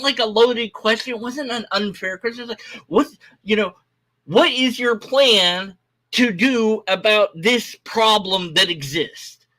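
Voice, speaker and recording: A man's voice: very high-pitched, bright, forceful tone. A man on a live stream, ranting in a casual, rambling way, exasperated and mocking. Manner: exasperated, restless, mocking with blah-blah mimicry.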